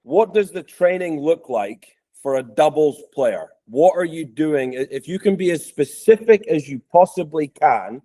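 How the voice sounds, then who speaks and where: Podcast host, scottish man, thirties, softened accent, mellow dark voice, chatty with lots of ums. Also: fairly high pitch, lively intonation, a little slow. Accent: Scottish, softened by years in the US. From Scotland. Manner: chatty, with frequent ums and restarts. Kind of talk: casual interview chat.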